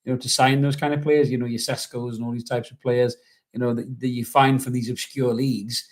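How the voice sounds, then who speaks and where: A man's voice: mid-range voice, level tone, fairly quick. A man hosting a casual fan podcast, rambling and reading out viewer messages, with lots of "you know". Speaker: podcast host.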